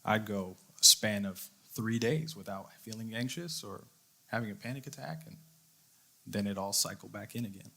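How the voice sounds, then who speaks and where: A man's voice: on the low side, moderate pace, vocal fry, pushed and bright, slightly rough. A young adult man, a youth leader, giving a sermon, telling a personal story in an earnest way and acting out his own thoughts. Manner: earnest storytelling with quoted inner voice.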